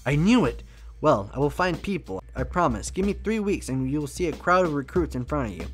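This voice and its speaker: A man voicing a gruff old male militia major with a Ukrainian accent and a lisp. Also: fairly high pitch, sing-song, fairly quick, faint music behind. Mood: eager. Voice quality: lisping.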